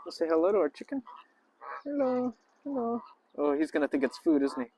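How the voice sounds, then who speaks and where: Speaking rapid-fire in a dark tone, this male vlogger and English teacher narrates casually from a lakeside park, and the poor audio carries a slight hiss or hum. His manner is playful and talkative, and he keeps calling out to the birds in a high voice while geese and ducks honk faintly nearby.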